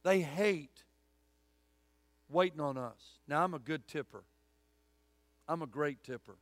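A man's voice: fairly high pitch, takes it slowly, no echo. A middle-aged man preaching a sermon in a church, folksy and storytelling, with punchy emphatic lines. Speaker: guest preacher. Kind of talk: sermon with altar call. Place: church sanctuary.

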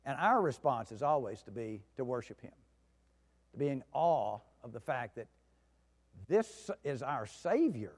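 A man preaching a sermon at a middle pitch, telling stories in a folksy way. He drops to soft asides and then rises to loud outbursts. His voice carries a long reverb, as in a big hall. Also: very animated, a little slow, breathy edge.

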